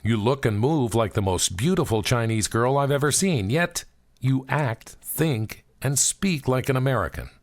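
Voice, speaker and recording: A man voicing a worldly, experienced businessman speaking admiringly and gently. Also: mid-range voice, lively intonation, normal speed, natural voice.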